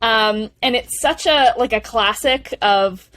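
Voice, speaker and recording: A young woman co-hosting a podcast, eagerly retelling film scenes in a gushing, animated way. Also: fairly high pitch, takes it slowly, no echo. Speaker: podcast co-host. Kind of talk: casual film discussion chat.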